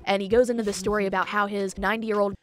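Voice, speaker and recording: A woman's voice: medium pitch, level tone, rapid-fire, faint music behind. A woman narrating a commentary segment in a pointed, indignant way. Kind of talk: scripted narration.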